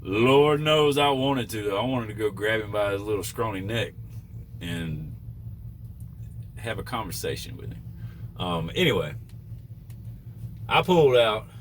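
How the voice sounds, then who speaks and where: A man's voice: fairly low pitch, animated, measured pace, long pauses, slight background noise. A man who drives trucks, telling a story in a casual vlog, rambling with fillers and self-corrections.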